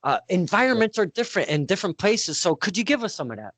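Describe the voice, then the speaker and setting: A man's voice: sits high, sing-song, fast talker, fairly bright tone, no room sound. A man hosting an interview over a video call, rambling and self-deprecating in his questions. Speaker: interviewer and host. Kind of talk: casual interview.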